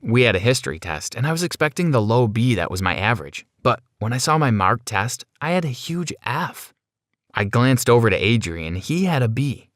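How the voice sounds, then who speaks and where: A man's voice: medium pitch, sing-song, moderate pace, a bit bright, dry recording, clean studio sound. A man narrating a first-person story in a plain, conversational way, as a scripted voice-over.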